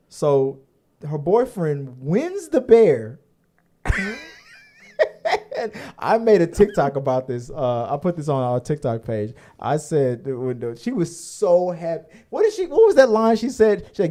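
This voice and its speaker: A man's voice: a little high, very animated, normal speed, warm tone. A man co-hosting a casual podcast, rambling with many fillers and restarts and the odd curse. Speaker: podcast co-host. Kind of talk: casual chat.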